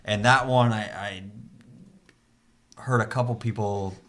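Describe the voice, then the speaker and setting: A man chatting on a gaming podcast, talking in a rambling, halting way. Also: on the low side, steady tone, fairly bright tone, slight background noise. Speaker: podcast panelist. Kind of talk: casual gaming podcast chat.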